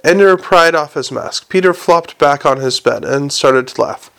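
A man reading a novel aloud in a plain, steady manner. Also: fairly high pitch, moderate pace, vocal fry, smooth. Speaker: audiobook reader.

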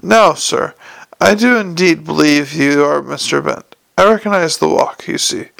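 A man voicing a commanding male city ruler in an audiobook, with dry, precise, quietly menacing speech. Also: on the high side, unhurried, creaky, exaggerated voice. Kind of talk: audiobook character reading.

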